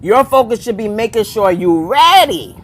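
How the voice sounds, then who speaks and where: A woman's voice: fairly high pitch, sing-song, normal speed, slight background noise, rough recording. Emphatic woman preaching on a live stream. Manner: emphatic, rhetorical questions to viewers; repeats phrases for emphasis.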